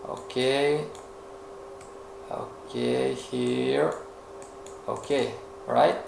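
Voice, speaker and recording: A man's voice: mid-range voice, steady tone, drawn-out words, vocal fry. A man teaching a live trading webinar, talking the audience through it with rhetorical questions and playing a frustrated beginner. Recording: echoey room with faint noise.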